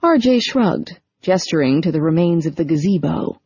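A woman reading a novel aloud as audiobook narrator, in steady, even storytelling. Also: fairly low pitch, normal speed, few pauses, breathy edge, no room sound. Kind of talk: scripted narration. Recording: dull lo-fi recording.

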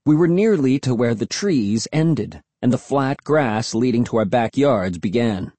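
A man reads a first-person audiobook in a steady, measured storytelling style. His pitch is medium, and the recording has no room sound.

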